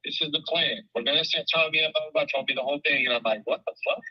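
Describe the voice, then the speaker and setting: Guy rambling fast on a muffled call, repeats himself a lot, swears. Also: on the high side. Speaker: caller recounting events. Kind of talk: casual phone chat.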